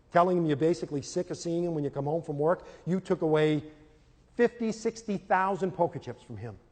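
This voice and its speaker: A man's voice: fairly high pitch, a little mellow. A middle-aged man giving a live lecture on parenting and teaching to an audience. He tells stories with animation and acts out scenes in character. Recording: hall with long reverb.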